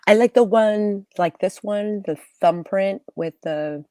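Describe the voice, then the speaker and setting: A woman voicing a shy, traumatized young boy who speaks quietly and hesitantly. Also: medium pitch, slow, no echo, voice pushed up, natural voice. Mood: timid.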